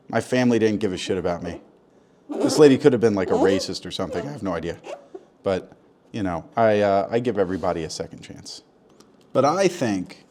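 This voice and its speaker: A man's voice: on the low side, a little mellow. A young man delivering a crude, mock-earnest comedic monologue, rambling and swearing as he talks to the camera. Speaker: comedy vlogger.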